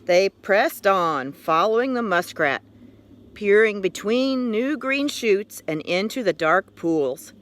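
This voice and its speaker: A woman reading a children's story aloud, expressive and unhurried, in a quiet room. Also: medium pitch. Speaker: reader.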